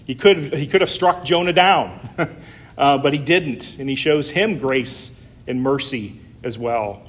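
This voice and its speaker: A man's voice: fairly high pitch, fairly bright tone. A man preaching a sermon in a conversational way, with frequent fillers and an occasional light laugh. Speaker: pastor.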